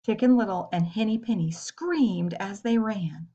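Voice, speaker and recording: A woman reading a story aloud to children in a gentle way, pausing to ask her young listeners questions. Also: mid-range voice. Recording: dull lo-fi recording.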